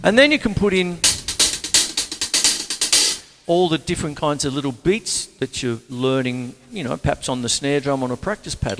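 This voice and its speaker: A man's voice: medium pitch, gravelly. A man from Australia giving a chatty, rambling drum lesson, counting beats aloud as he plays a kit. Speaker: drum teacher. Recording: long hall reverb, drums playing loudly.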